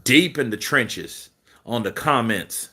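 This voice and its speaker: A man's voice: mid-range voice, expressive, slow pace, bright, forceful tone. A man hosting a live boxing news stream, joking and swearing casually while answering viewer comments. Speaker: host of a boxing news channel.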